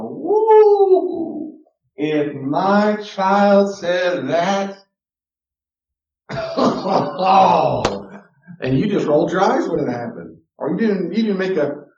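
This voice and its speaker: A man, a counselor, giving an informal teaching talk with personal stories. He is animated and restarts often, dropping to quiet asides and rising to loud emphasis. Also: medium pitch, fairly quick. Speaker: counselor teaching a parenting class. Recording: echoey room, distant mic, dull sound.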